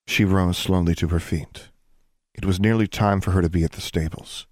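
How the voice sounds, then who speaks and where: A man narrating a fantasy story in an even, measured reading voice. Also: low voice, dry recording, clean studio sound. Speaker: audiobook narrator. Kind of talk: scripted narration.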